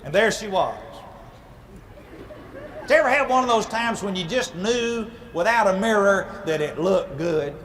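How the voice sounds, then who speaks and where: Guy telling a funny story live, folksy, makes sound effects, high voice, noisy tape. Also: lively intonation, a little slow, big-room sound. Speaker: comic storyteller. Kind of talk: humorous storytelling to a live audience.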